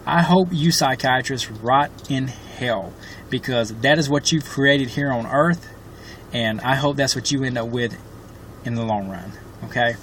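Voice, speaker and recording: A middle-aged man talking straight to his viewers in a personal vlog, impassioned and frustrated, often pausing on fillers. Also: medium pitch, fairly bright tone, a little hiss or hum. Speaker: vlogger advocating for his mother. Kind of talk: direct-to-camera personal vlog.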